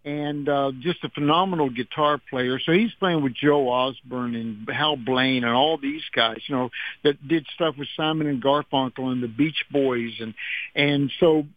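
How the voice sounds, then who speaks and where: An older male musician guest telling animated anecdotes in a radio interview, acting out quotes. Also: medium pitch, normal speed, no room sound, dull audio. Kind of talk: storytelling interview.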